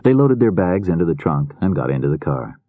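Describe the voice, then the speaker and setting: Very deep-voiced male audiobook narrator. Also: sing-song, fairly quick, no echo, phone-quality sound. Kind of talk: scripted narration.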